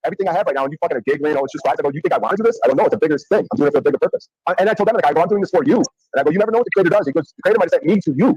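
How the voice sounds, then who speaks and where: A man talking fast and swearing a lot as he tells a story, acting out what people said. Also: fairly high pitch, lively intonation, a little mellow, breathy edge, dry recording, lo-fi sound, soft background music. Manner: rapid, profane, acts out quotes. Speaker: guest telling a story. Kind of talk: casual chat, storytelling.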